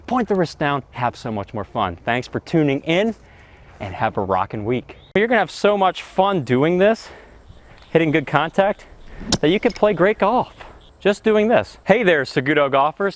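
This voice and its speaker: A man teaching golf outdoors on a practice area, talking to camera with excitable, exclamatory enthusiasm. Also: a little high. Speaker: golf instructor. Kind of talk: energetic golf lesson to camera.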